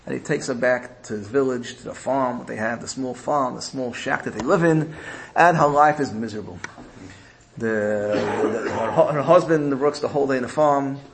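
A man's voice: medium pitch, normal speed, gravelly, slight background noise, low-quality recording. A man giving a sermon, retelling a parable in a storytelling manner with repetition and rising emphasis. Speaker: religious speaker.

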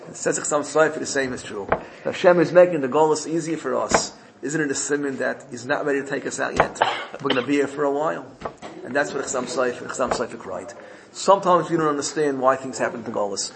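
A man giving a Torah sermon, telling a parable with animated storytelling and frequent self-corrections. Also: medium pitch, a little fast, noisy background.

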